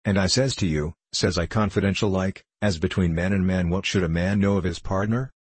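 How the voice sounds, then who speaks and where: A man voicing a grave, earnest, stout male miner who speaks in rough backwoods dialect. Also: low voice, steady tone, fairly quick.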